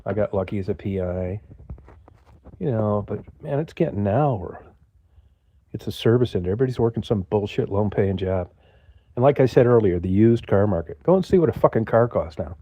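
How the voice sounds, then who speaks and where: A man's voice: lowish voice, expressive, a little fast, no room sound, lo-fi sound. An older man from the United States hosting a livestream, rambling casually with lots of swearing and talking to viewers in the chat. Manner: profane, gruff, talks to chat viewers. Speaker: livestream host.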